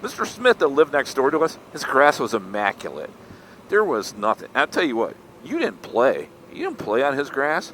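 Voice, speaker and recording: A man's voice: mid-range voice, wildly swooping pitch, normal speed, a bit bright, rough recording. A middle-aged man, chatting in a rambling, self-mocking way while riding a motorcycle through traffic. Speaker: motorcycle vlogger. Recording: faint road and traffic noise.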